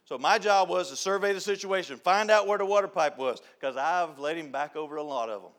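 Folksy youth director in the pulpit, middle-aged, slightly high-pitched, storyteller who laughs and shouts for effect. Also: male voice, fairly quick. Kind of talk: folksy sermon. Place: church sanctuary.

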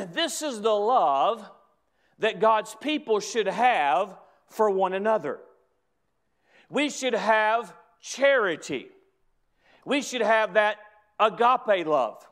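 Middle-aged male pastor with a high voice, emphatic preaching style. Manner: emphatic preaching with repeated phrases. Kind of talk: sermon.

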